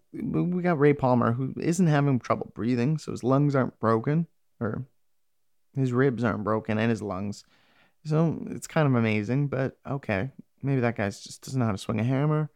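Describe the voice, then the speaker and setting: A man's voice: medium pitch, animated, normal speed, vocal fry, a little mellow, no echo. A man casually recapping a TV episode, rambling and profane, with sarcastic asides.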